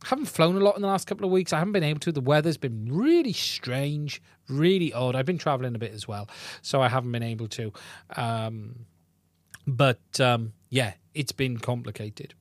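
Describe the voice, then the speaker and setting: A man hosts a casual live-stream podcast, rambling along with plenty of fillers and restarts. His mid-range voice is expressive and moderately paced. The recording is dry, made on a podcast mic running into a mixing console.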